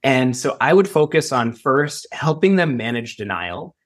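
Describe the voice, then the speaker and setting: A man talks through his expert advice in an earnest, measured way. His voice sits at an ordinary mid pitch, with a conversational interview feel. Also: sing-song. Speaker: school safety expert guest. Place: Los Angeles.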